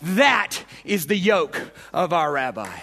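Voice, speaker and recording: A man's voice: high voice, very animated, slow pace, vocal fry, background noise. A man preaching a storytelling sermon, dramatic, acting out voices and punches. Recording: long hall reverb.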